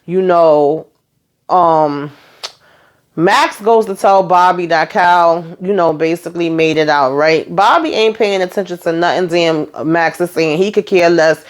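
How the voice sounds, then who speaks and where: A woman giving a casual, animated recap of a TV episode, peppering her retelling with mild swearing. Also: lowish voice, measured pace. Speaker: TV show recap host.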